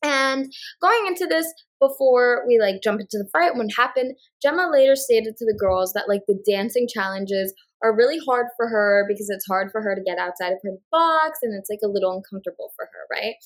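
A woman's voice: on the high side, animated. A woman co-hosting a podcast, recapping a reality show in casual chat and acting out quotes from the cast. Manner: fast recapping with acted-out quotes. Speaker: podcast co-host.

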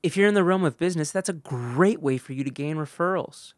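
A man hosting a motivational podcast, talking earnestly and directly to the listener, swinging between loud emphasis and hushed moments and acting out bits of dialogue. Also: fairly high pitch, no room sound, clean studio sound. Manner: acts out quick snippets of dialogue. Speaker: podcast host. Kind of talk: motivational monologue.

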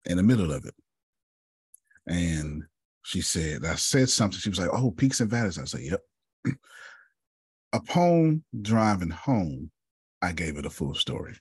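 A man speaks to a group in a very deep, somewhat husky voice, recorded close and dry. He tells personal stories in a loose, conversational way, calling on listeners by name. He clears his throat often. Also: very animated, unhurried, long pauses, no room sound. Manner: storytelling, calls listeners by name. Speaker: speaker leading a group session. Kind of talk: motivational talk to a group.

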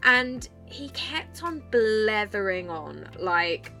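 Young woman, podcast host; bright, bubbly, slow-paced chat with swearing. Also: mid-range voice, expressive, soft background music. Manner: chirpy and bubbly, swears freely. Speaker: podcast host and club dancer. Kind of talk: casual storytelling monologue.

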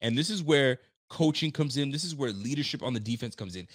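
In an animated rant on his live sports stream, a young man curses liberally, sounds frustrated and sometimes voices the players himself. He talks a little fast with few pauses, in a mid-range voice with lively intonation.

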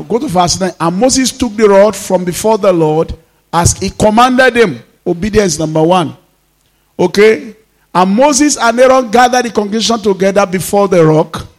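A male pastor with a Nigerian accent preaching a sermon, reading scripture slowly and breaking into emphatic, rising declarations. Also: sits high. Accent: Nigerian, Yoruba-speaking. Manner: mixes in Yoruba phrases.

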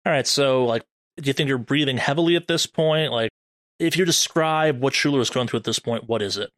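A man runs a horror tabletop session as game master. His voice sits at an ordinary pitch, close to the mic in a dry space. He lingers over the gruesome details, then rattles off quick rules questions. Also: fairly bright tone, dry recording. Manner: vivid, deliberate horror narration with sudden quick asides.

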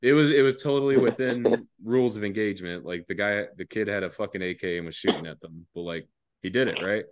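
Low-voiced young man telling a rowdy story. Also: quick pace, no echo. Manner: laid-back, laughing often, heavy swearing. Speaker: podcast guest, former enlisted soldier. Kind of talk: casual profane storytelling.

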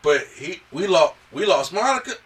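Slightly high and breathy at the edges, a man speaks at normal speed, well away from the mic. He's a podcast host recapping a film in relaxed review talk, animatedly voicing the characters.

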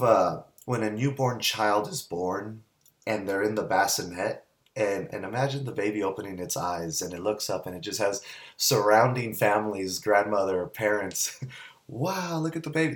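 Socal guy telling a wild story, kinda low voice, laughs a lot, does the voices. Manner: animated storyteller, acts out quoted voices, laughs often. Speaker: business owner, guest. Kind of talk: casual storytelling interview.

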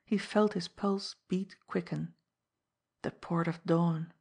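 A woman narrating an adventure novel as an audiobook in a measured storytelling manner. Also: on the low side, fairly even intonation, vocal fry, a little mellow, slightly rough. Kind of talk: scripted narration.

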